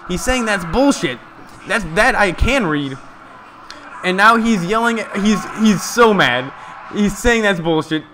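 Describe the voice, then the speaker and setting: A man streams a ball game with casual, excited live play-by-play, chatting with his viewers. His voice is high-pitched and slow, with slight noise in the background.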